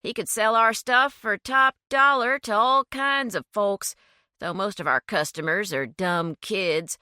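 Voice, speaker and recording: A woman voicing a gruff male criminal who speaks curtly and without emotion, in a slow, bright, dry reading. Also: medium pitch, no room sound. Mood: cold. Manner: curt, menacing, emotionless.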